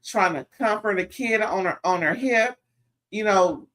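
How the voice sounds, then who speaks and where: A woman talking straight to her audience about a reality show. She is casual and gossipy, and she drifts between relaxed storytelling and loud, sassy asides. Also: mid-range voice, unhurried, slight background noise. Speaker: reality TV recap vlogger.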